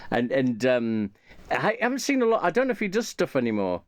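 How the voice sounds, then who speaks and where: A man's voice: medium pitch, huge pitch swings, brisk, dry recording. Rambling man, dry close sound. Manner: rambling, hesitant, full of fillers and restarts. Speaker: channel host. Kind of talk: casual rambling chat.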